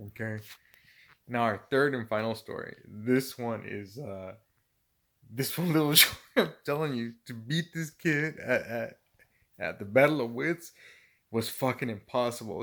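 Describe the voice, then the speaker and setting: With a gravelly, medium-pitched voice, this middle-aged storyteller animatedly recounts tales from work. Profanity fills nearly every line, and he laughs often as he goes.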